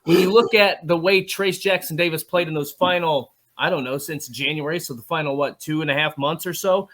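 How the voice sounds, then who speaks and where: A man's voice: a little high, brisk, fairly bright tone. A male radio co-host on a sports talk show, laying out his questions and views at length.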